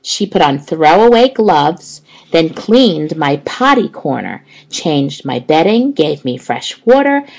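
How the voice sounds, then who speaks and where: A woman's voice: low voice, vocal fry, rough recording. Woman reading a children's audiobook. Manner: expressive, unhurried storytelling. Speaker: audiobook narrator.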